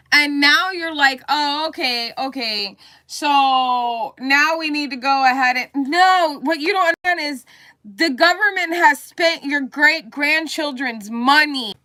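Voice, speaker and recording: Furious high-voiced woman ranting on stream. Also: sharp tone. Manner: heated, profane, repetitive. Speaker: livestreamer. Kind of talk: angry livestream rant.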